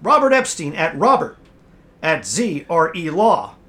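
A man co-hosting a casual podcast, bantering quickly and reading sponsor ads. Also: fairly high pitch, wildly swooping pitch, fairly bright tone. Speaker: podcast co-host.

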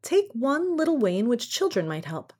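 A woman voicing a kindly old Santa Claus, gentle and earnest, speaking in a confiding, fond way in a storybook reading. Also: on the high side, very animated, normal speed, breathy edge, pitched above the performer's own voice. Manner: warm, confiding, fond of toys.

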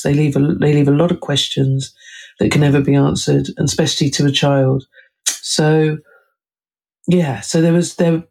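Gravelly, flat author. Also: medium pitch. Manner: thoughtful, with frequent fillers and restarts. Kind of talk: conversational interview talk.

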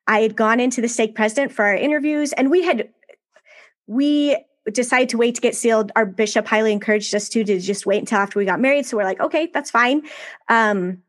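A woman in her thirties speaks with a slightly raised pitch as a podcast guest. She tells her story candidly and animatedly, full of small asides, in a relaxed conversational manner. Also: fairly quick.

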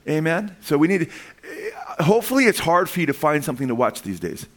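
A man preaching a sermon in a loose, conversational way, often restarting phrases and building to excited emphasis. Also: a little high, a little fast. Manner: animated and conversational, with frequent restarts and rising emphasis. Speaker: pastor.

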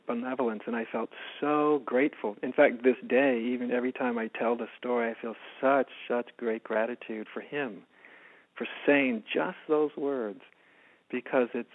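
American guy telling a personal story, soft and hushed, mid-pitched, sounds like a phone line. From United States. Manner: soft-spoken, often drops to a hushed voice. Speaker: spiritual teacher, guest.

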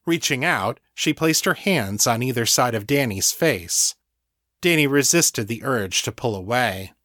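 A man narrating his own novel as an audiobook in a measured, steady way. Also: mid-range voice, dry recording, studio quality.

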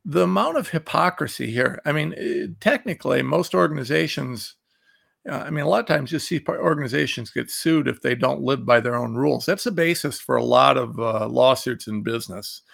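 This Ohio political commentator speaks at medium pitch, a little fast and expressive, his gravelly voice a bit bright. He delivers a heated monologue, furiously reading out quotes and hurling insults in between.

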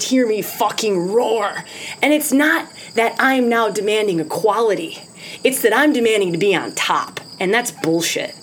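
A woman's voice: medium pitch, slight background noise. A woman from the United States hosting a spiritual podcast, talking in an impassioned, emphatic way and swearing freely. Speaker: podcast host.

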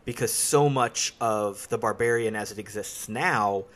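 A man hosting a casual podcast discussion, explaining things in a steady, analytical way. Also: on the low side, measured pace. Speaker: podcast host.

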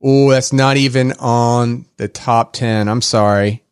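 A man hosting a podcast in casual chat, rambling with lots of fillers and quick laughs. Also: mid-range voice, fairly even intonation, clean tone, no echo. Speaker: podcast host.

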